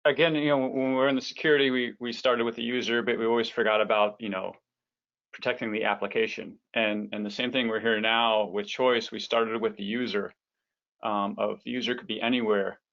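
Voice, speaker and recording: A man's voice: on the low side, flat delivery, a little fast, a bit bright, lo-fi sound. A man co-hosting a webinar, talking casually with restarts and a teasing streak. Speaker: co-host.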